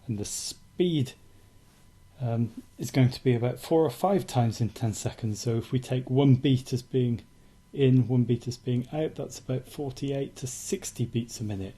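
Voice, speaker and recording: A man calmly teaching acupuncture technique in a steady, methodical instructional demonstration. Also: mid-range voice, a little slow, husky. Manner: calm, steady, methodical explaining.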